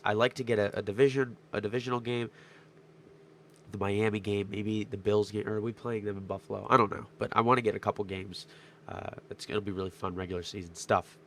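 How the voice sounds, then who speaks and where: A young man with a stuffed-up nose, his voice strained from yelling, rambling excitedly through a casual sports recap vlog. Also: on the low side, slight background noise. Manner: rambling, excitable, many fillers. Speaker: sports vlogger.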